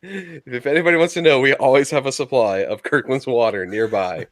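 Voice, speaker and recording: A man's voice: mid-range voice, brisk, a crowd in the background. A man co-hosting a casual podcast, joking around with his friends. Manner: joking, playful. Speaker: podcast co-host.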